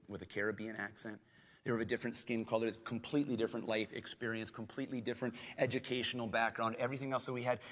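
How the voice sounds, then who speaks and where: A man preaching a sermon as pastor, earnest, asking his hearers questions and dropping at times to a soft, gentle tone. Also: medium pitch. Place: church sanctuary. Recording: long hall reverb.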